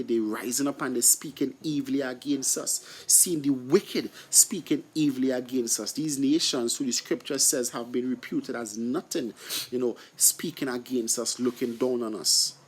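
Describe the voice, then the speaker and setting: Husky man teaching scripture. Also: medium pitch. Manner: repetitive, asks and answers his own questions; stumbling restarts and fillers. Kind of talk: informal scripture study talk.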